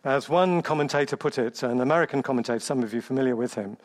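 A man's voice: mid-range voice, fast talker. A man preaching a sermon, emphatic, building through lists and rhetorical questions.

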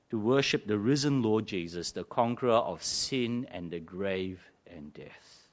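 Male preacher, conversational sermon, wide lively pitch, mid voice, church setting. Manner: conversational, asks the congregation questions, wry asides.

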